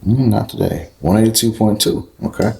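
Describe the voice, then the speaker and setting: A man's voice: fairly low pitch, steady tone, a little fast, vocal fry, background noise. A young man vlogging casually as a bodybuilder, chatty and easygoing, explaining his routine as he goes. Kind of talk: casual vlog talk to camera. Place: indoor room away from home. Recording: echoey room.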